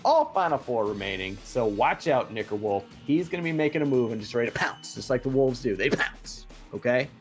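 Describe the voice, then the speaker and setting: A man's voice: medium pitch, faint music behind. A man co-hosting a bracket pool recap, joking around in casual sports banter. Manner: animated, jokey, quick asides.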